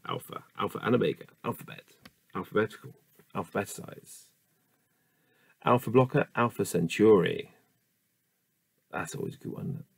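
A man's voice: fairly low pitch, vocal fry, slightly rough, no echo. A man reading dictionary entries aloud one by one, stopping now and then for casual asides and musing about how words are said. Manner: reads word lists slowly with asides and musing. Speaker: reader of a dictionary.

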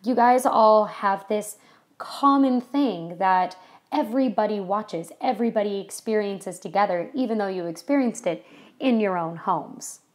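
A woman's voice: medium pitch, measured pace. A woman from California giving a casual history lecture to a class, chatty and full of ums and you-knows. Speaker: history teacher.

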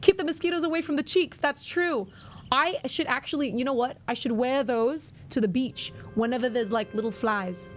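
A woman's voice: high-pitched, normal speed, faint music behind. A woman live-streaming a video game, chatting playfully and reacting to her viewers' messages.

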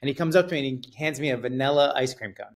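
A man guest on a podcast, telling a story in a casual, animated way, swearing and acting out what people said. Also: mid-range voice, fast talker. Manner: animated storyteller, acts out quotes, swears, laughs. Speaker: realtor guest.

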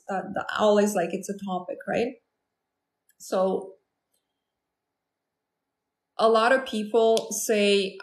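A woman's voice: mid-range voice, gravelly, reverberant. A woman hosting a casual live stream as a manifestation coach, talking confidently and chattily to viewers. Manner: confident, chatty, acts out quoted lines.

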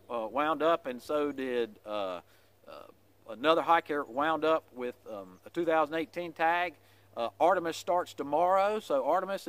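A man's voice: on the high side, clean tone, dry recording. Folksy man with many fillers. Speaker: vlogger giving weekly hiker updates. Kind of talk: casual vlog update.

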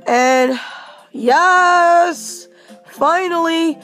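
A woman hosting a casual let's-play, excitedly reacting out loud to the game as she plays. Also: very high-pitched, extremely slow, faint music behind. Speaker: gaming channel host.

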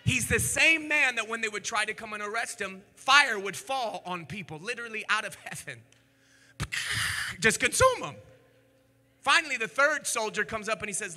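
A man preaching with a high, very bright and cutting voice, animated and swinging from shouting peaks down to hushed, low storytelling. His sermon rings out in a church hall with a long, echoing reverb. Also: normal speed. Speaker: pastor. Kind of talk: energetic sermon. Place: church sanctuary.

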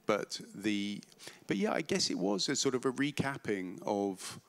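A man's voice: mid-range voice, very animated, a little slow, creaky. A male author on a festival stage, telling anecdotes with laughter and self-mockery. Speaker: author being interviewed. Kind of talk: live storytelling at a literary festival. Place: festival stage before a live audience.

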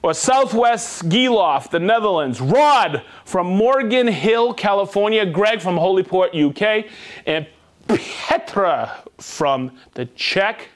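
Lively high-voiced man hosting a live show. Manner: upbeat, jokey, reads viewer names and places quickly. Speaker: host of a live tool show. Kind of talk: live-stream shout-outs to viewers.

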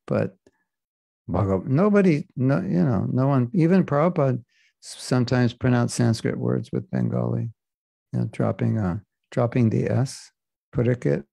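A man's voice: mid-range voice, lively intonation, normal speed, gravelly, warm tone, dry recording. A man giving a scripture class as a spiritual teacher, talking casually and joking as he wanders off topic. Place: class in Florida.

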